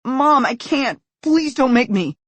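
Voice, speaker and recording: A man's voice: very high-pitched, wildly swooping pitch, moderate pace, fairly bright tone, breathy edge, no room sound, pitched above the performer's own voice, exaggerated voice. A man doing a panicked, pleading teenage boy. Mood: desperate. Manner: desperate, pleading. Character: panicked teenage boy caught sneaking into houses.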